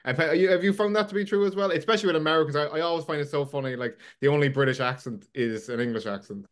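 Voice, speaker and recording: Easygoing podcast host. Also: male voice, on the high side. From Ireland, Cork. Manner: easygoing, halting questions. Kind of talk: conversational interview.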